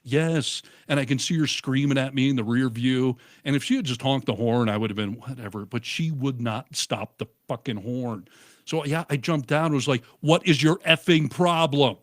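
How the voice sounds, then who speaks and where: A middle-aged man in casual chat, telling stories with animated, acted-out quotes. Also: medium pitch, normal speed, dry recording, clean studio sound. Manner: animated storyteller, acts out quotes. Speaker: co-host.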